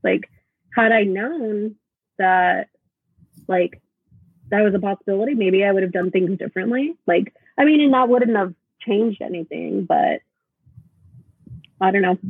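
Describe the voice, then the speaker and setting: A woman guest chatting casually on a podcast, telling a personal story in a halting way with lots of fillers. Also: medium pitch, creaky, breathy edge, no room sound. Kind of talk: casual chat. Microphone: video call. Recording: tinny phone-like video call audio.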